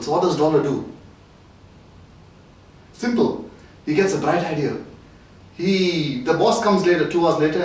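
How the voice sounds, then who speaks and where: A man giving a joking tour of an office and telling a long comic story, laughing at his own punchlines. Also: fairly high pitch. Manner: chuckles at his own jokes. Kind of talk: casual comic monologue and joke telling. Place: office suite, indoors. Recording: very echoey room, camera at a distance.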